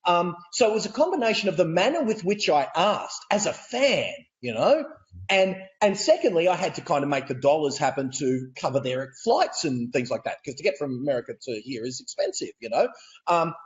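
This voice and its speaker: Energetic Australian man, high voice. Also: lo-fi sound. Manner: energetic, laughing, repeats words. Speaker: guest, real estate coach. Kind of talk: animated storytelling.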